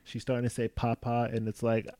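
A man in his thirties with an American accent, a comedian guest talking casually and softly with lots of fillers. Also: medium pitch, fairly quick, dry recording. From United States. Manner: relaxed and soft-spoken, many fillers like "like" and "um". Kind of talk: casual chat.

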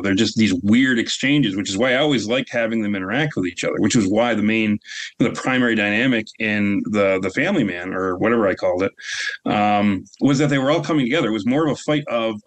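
Low-pitched guy talking thru his writing ideas, lots of restarts, chill podcast vibe. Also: poor audio. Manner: reflective, explains ideas at length with restarts. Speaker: series writer and podcast co-host. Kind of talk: casual podcast discussion.

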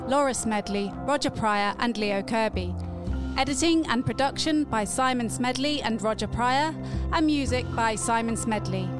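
A woman with a slightly high voice reads a podcast outro, scripted and even. Music plays clearly underneath her. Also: moderate pace. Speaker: podcast announcer. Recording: voice over loud music.

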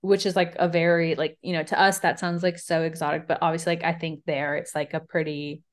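Bubbly woman podcast co-host, slightly low. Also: brisk. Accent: slight Southern. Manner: bubbly, laughs often, animated storytelling. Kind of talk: casual chat.

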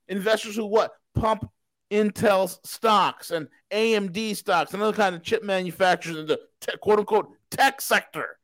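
A man with a high-pitched voice delivers an emphatic, profane rant on the economy, posing rhetorical questions and answering them himself. The sound is close and dry, with no room echo. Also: moderate pace, fairly bright tone. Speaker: podcast host. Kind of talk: casual markets commentary.

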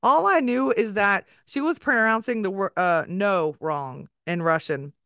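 Smooth-voiced, enthusiastic woman host. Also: mid-range voice, bright, forceful tone, no room sound, clean studio sound. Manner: enthusiastic, chatty, quick to react with "wow". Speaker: podcast host. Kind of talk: podcast interview.

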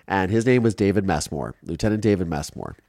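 Low-voiced man telling his story. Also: a little fast, no echo, clean studio sound. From Ohio, USA. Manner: animated, acts out quotes, frequent restarts. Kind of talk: candid interview storytelling.

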